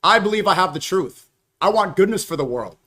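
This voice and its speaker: A man's voice: high-pitched, lively intonation, fairly quick, bright, forceful tone. A young man in a heated debate, insistent and always steering back to his own point.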